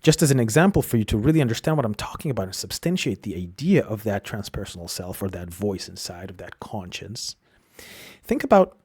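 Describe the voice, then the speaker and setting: Husky-voiced man hosting a reflective podcast. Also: medium pitch, darkish tone. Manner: reflective, explanatory, with frequent restarts. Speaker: podcast host. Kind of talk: solo podcast monologue.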